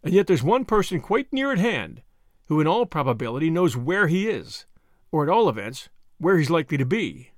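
A shrewd, measured lawyer who speaks with dry authority, as a male narrator voices him. The voice is lively in pitch and close, with no room around it. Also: dry recording. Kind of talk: audiobook character voice.

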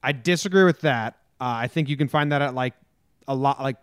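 A man's voice: medium pitch, a little fast, fairly bright tone, clean tone, no echo, studio quality. A young man co-hosting a sports talk show, chatting casually and hesitantly with many fillers. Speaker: sports podcast co-host.

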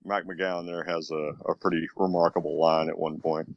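A man's voice: low-pitched, flat delivery, moderate pace, gravelly, no room sound, muffled recording. A man with a Southern US accent, talking hesitantly about a film on a podcast. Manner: hesitant, chuckling, lots of fillers. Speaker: podcast co-host. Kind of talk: casual film discussion.

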